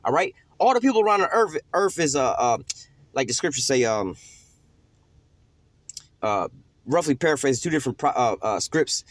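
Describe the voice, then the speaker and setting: A man's voice: mid-range voice, lively intonation, moderate pace, pauses often, no room sound. A young man, giving a loose, rambling scripture teaching full of slang and cursing. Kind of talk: informal sermon.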